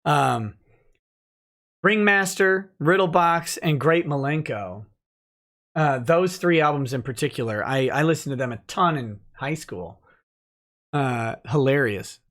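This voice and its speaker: A man in his thirties, a lawyer host reading court filings aloud and commenting, rushing through citations and slowing down hard to stress his points. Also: on the high side, animated, fairly bright tone. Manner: reads citations fast, then slows to stress points; stumbles and self-corrects on case names.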